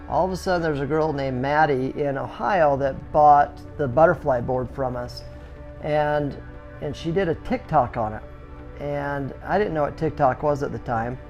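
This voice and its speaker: A middle-aged man who owns a skateboard business, telling his story casually with lots of fillers and restarts, and animated sound effects. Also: on the high side. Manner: chatty, full of "you know" fillers and restarts; animated, acts out sounds and reactions.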